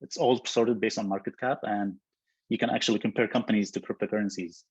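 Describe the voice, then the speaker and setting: A man, a software co-founder, talking in a casual interview, thoughtful and full of fillers and restarts. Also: lowish voice, steady tone, fairly quick, husky, no room sound, poor audio.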